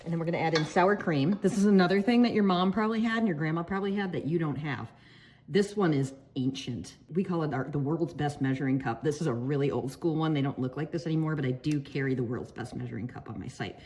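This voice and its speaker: A woman's voice: low voice, fast, darkish tone. A woman giving a casual baking tutorial, chatty and joking with viewers as she works. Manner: chatty and joking, talks to viewers while working. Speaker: baking instructor and shop owner.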